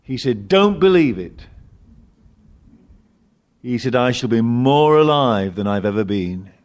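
An older man preaching a sermon, swinging from loud emphatic lines to quiet asides. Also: medium pitch, unhurried. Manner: animated preaching, rising loud on key words, dropping to quiet asides.

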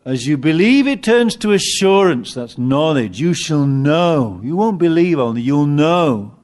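A man preaching a sermon, animated and emphatic at times, with halting restarts as he searches for words. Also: a little high. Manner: animated, rising to emphatic peaks.

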